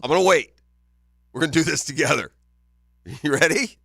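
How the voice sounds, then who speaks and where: A man's voice: a little high, moderate pace, creaky, a bit bright, dry recording, studio quality. A man co-hosting a morning sports radio show, chatting casually, teasing and laughing often. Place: radio studio. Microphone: studio microphone.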